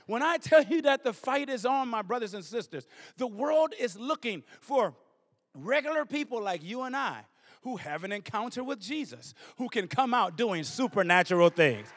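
A man's voice: extremely high pitch, lively intonation, moderate pace. A middle-aged man, a bishop preaching a sermon, who weaves scripture with a personal story and drives his points home through rhythmic repetition.

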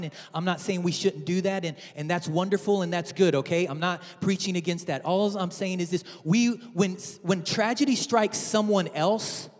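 A man's voice: high-pitched, a little mellow. A man preaching a sermon in a church, telling a story playfully with many repeats. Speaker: pastor. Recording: hall with long reverb.

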